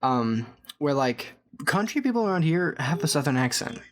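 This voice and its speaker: A young man co-hosting a podcast tells a rambling story in casual chat, laughing often and restarting many times. His voice is on the high side, sing-song and a bit bright, at a moderate pace.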